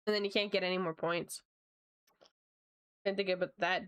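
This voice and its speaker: A woman's voice: medium pitch, level tone, moderate pace, pauses often, clean tone, no room sound, clean studio sound. A woman chatting casually with her stream while drawing, often breaking into laughter. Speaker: art streamer.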